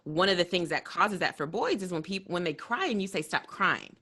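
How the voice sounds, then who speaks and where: A young adult woman co-hosting a podcast, telling stories in an earnest, animated way. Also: on the low side, fairly quick. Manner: earnest, animated storytelling with laughs. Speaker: podcast co-host. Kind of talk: casual chat.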